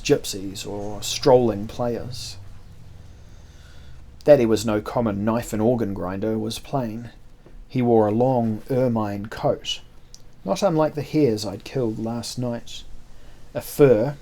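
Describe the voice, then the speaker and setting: A man narrating a historical adventure novel in the first person, with measured, expressive storytelling. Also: lowish voice.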